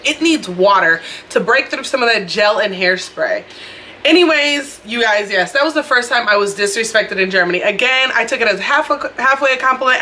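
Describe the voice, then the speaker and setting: A young woman with a bright, clear voice tells a casual storytime vlog. She talks in a chatty, expressive way and speaks straight to her viewers. She records it on her phone indoors, with faint noise behind her. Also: medium pitch. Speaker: vlogger. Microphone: phone camera.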